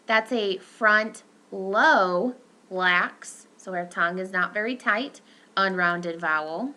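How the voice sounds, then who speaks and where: A woman's voice: medium pitch, slow pace, bright, forceful tone. A young adult woman giving a recorded lecture, explaining step by step with fillers and self-corrections.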